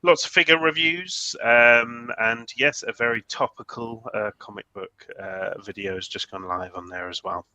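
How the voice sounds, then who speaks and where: A man co-hosting a casual live-stream chat, talking about his channel with dry, deadpan humour. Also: medium pitch, moderate pace, few pauses, dry recording. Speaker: co-host, YouTuber.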